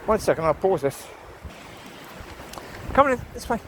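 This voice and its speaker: A man's voice: sits high, very animated, moderate pace, slight background noise, poor audio. A man vlogging while he walks his dogs along a rural path, rambling chattily and talking to the dogs. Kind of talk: casual talk while walking outdoors. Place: outdoors by water on a rural path.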